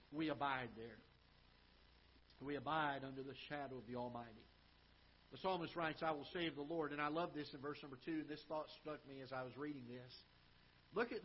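A man with a Midwestern American accent preaching a sermon in a church auditorium. He swells to emphatic lines, then drops soft and low, and quotes scripture in old-fashioned wording. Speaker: pastor. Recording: dull live church broadcast, faint hiss.

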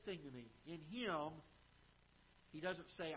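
A man with a Midwestern American accent preaching a sermon in a church auditorium. He swells to emphatic lines, then drops soft and low, and quotes scripture in old-fashioned wording. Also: lively intonation, moderate pace, breathy edge. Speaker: pastor. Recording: dull live church broadcast, faint hiss.

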